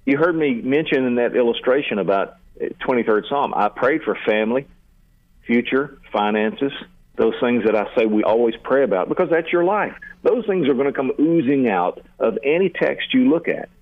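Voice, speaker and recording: Older male seminary teacher, earnest mid-pitched explainer, restarts his sentences, narrow phone-quality radio sound. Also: lively intonation, normal speed, no room sound. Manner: earnest, repeats words when starting sentences. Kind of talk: teaching on prayer in a radio interview.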